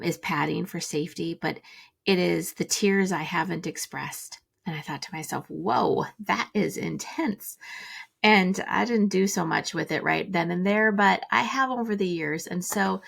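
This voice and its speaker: Woman host, gentle reflective solo talk, slight vocal fry, unhurried musing delivery. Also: fairly low pitch. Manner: gentle, musing, many fillers. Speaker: podcast host.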